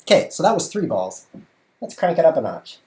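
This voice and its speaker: A man's voice: on the high side, sing-song, fairly quick, dark tone. A man hosting a casual livestream from his bedroom, jokey and playful, talking through what he does as he juggles. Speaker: chess streamer and show host. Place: bedroom at home.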